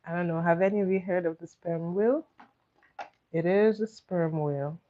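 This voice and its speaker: Speaking at a normal speed in a fairly low, fairly even voice, a livestream host runs a laid-back trivia session, coaxing chat along. Every question gets read aloud and then said again. There's slight background noise over the dull, lo-fi stream sound.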